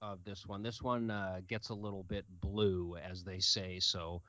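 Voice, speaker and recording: A man with a bright, forceful and fairly low voice narrates fan fiction in a casual, easygoing way, stumbling now and then. The recording is dry and dull, like a lo-fi home mic. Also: little pitch movement, unhurried, dry recording. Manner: casual, with fillers. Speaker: host and narrator. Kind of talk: reading fan fiction aloud.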